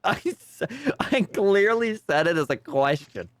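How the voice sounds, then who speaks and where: Sarcastic guy rambling while he streams a game, dry close mic, kinda high voice. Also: expressive, measured pace, clean tone, no echo. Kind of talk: casual gaming commentary.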